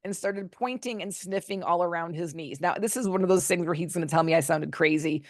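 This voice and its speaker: A woman's fairly low, brisk voice comes through a clean studio recording without room sound. She is an author on a podcast, recounting a personal story openly in an interview and animatedly acting out what people said.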